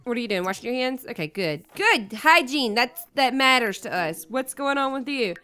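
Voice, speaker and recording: A young woman with the sniffles commentates a life-sim game, bossing and teasing the characters in an excitable, jokey way. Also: on the high side, normal speed, smooth. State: sniffly with a cold. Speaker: gaming YouTuber. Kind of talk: Let's Play commentary.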